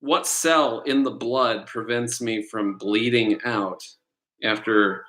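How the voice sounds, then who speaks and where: Here a middle-aged man gives a live-stream quiz lesson for exam prep, rambling casually and quizzing viewers rapidly. He talks slowly, with a fairly low pitch, fairly even intonation, and a fairly bright tone. The recording, from a computer mic on the stream, is low quality.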